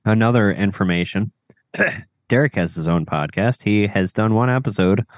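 A man's voice: lowish voice, animated, moderate pace, no echo, clean studio sound. A man co-hosting a podcast in casual chat, teasing and joking with the others. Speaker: podcast co-host.

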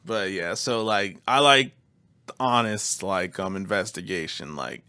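A man's voice: sits low, a little slow, sharp tone, clear, resonant tone. A man hosting a podcast, chatting in a loose, profane, laid-back way. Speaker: podcast host. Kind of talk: casual chat.

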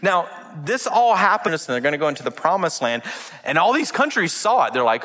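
A pastor preaching with lively, playful storytelling. His voice sits slightly high and bright. The room adds a long hall reverb. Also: brisk. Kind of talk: sermon.

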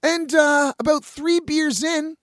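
A young man and independent musician telling a story in a casual, animated way, swearing freely and addressing listeners as folks. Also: very high voice, slow, dry recording, clean studio sound.

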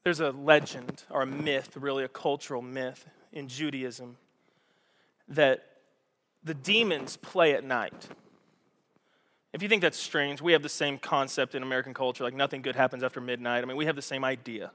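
A man preaching a sermon to a congregation, animated and storytelling, acting out scenes with raised voices. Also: mid-range voice, brisk. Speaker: pastor. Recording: echoey hall.

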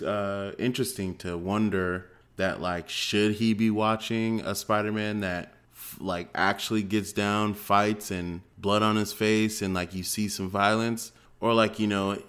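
Lower-voiced man telling slangy stories. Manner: animated, slangy storytelling with laughs. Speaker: podcast host. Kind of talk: casual podcast monologue.

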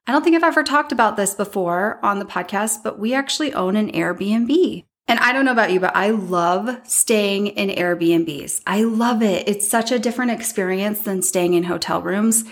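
A woman, hosting a podcast and telling personal stories in a lively way, often laughing and acting out what people said. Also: medium pitch, moderate pace, hardly any pauses. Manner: animated, laughs often, acts out quotes. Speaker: podcast host. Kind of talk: personal storytelling.

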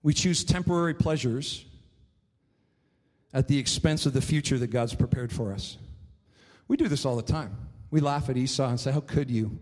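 A man's voice: mid-range voice, moderate pace, darkish tone, long reverb tail. A man preaching a sermon, retelling a story in a loose, rambling way full of fillers. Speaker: pastor.

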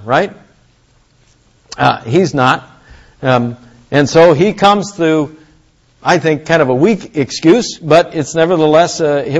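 A pastor with a slightly high voice, captured with lo-fi sound, preaches conversationally. Along the way he quizzes the congregation and acts out both Moses and God in the story he's telling.

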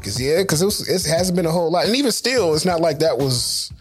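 A middle-aged man hosting a casual podcast, talking in animated stories full of swearing and sound mimicry. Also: on the high side, a little fast, faint music behind. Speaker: podcast host. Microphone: studio headphones and mic.

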